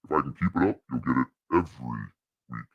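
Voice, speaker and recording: A man putting on a demonic deep voice through a voice changer, growling crude threats and jokes as a channel host. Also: lively intonation, a little fast, breathy edge, no room sound, phone-quality sound, heavily acted.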